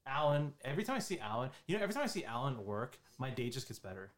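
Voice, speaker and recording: A man in casual podcast chat who tells stories in an animated way and swears often. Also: medium pitch, racing. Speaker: podcast guest.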